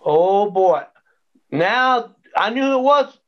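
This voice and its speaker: Guy telling his story, slightly high voice, acts out the dialogue, muffled audio. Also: takes it slowly. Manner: animated storyteller acting out quoted dialogue. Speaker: interview guest sharing his testimony. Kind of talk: personal testimony storytelling. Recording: dull lo-fi sound.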